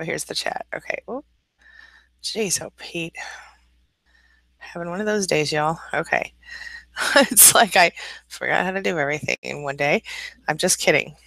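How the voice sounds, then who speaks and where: A woman's voice: fairly low pitch, vocal fry, pushed and bright, no echo. A woman hosting a casual live-stream coaching chat, laughing often, greeting viewers by name and giving encouraging advice. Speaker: life coach and channel host.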